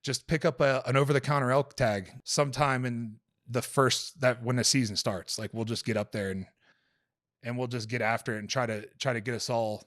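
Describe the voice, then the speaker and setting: A man in a casual podcast chat who tells stories in a loose, rambling way, full of swearing and fillers. His pitch sits in an ordinary middle range, and the recording is dry and close with no room echo. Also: fairly even intonation, a little fast, fairly bright tone. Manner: profane, rambling storyteller with many fillers.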